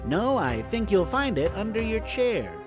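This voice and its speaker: A man voicing a cheerful, high-voiced friend character in a comedy audio skit, chipper and sing-song, with music behind. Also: very animated, measured pace.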